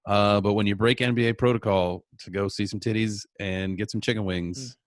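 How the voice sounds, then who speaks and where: A man's voice: on the low side, steady tone, normal speed, dry recording, clean studio sound. A man co-hosting a podcast, talking in a laid-back, agreeable way and turning blunt when he vents. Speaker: podcast co-host. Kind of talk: casual chat.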